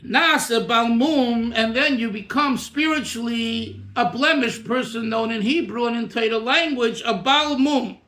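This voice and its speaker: A man's voice: very high-pitched, a little slow, few pauses, bright, forceful tone, echoey room. A man, a rabbi, teaching a text by reading Hebrew lines and explaining them in English. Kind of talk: Torah class, reading and translating a text.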